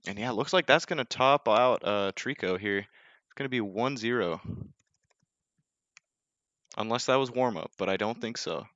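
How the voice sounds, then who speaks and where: A young man calling a live game in a casual, joking tone, quick to poke fun at himself. His voice sits a little low. The home mic sounds dry and slightly dull. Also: a bit bright, no room sound. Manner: casual, joking, self-deprecating, with many fillers. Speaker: esports caster.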